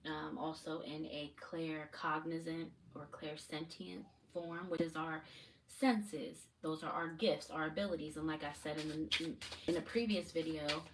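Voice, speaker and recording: Woman tarot reader, rambling and spiritual, low-ish voice, recorded from a distance at home. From United States, Maryland area. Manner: rambling, spiritual, addresses viewers directly. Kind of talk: live tarot reading chat. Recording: distant mic with faint noise.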